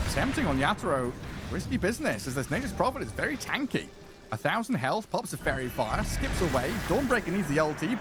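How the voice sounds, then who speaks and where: Excitable esports caster man. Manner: excitable, laughs often, pitch jumps on big plays. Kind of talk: play-by-play commentary.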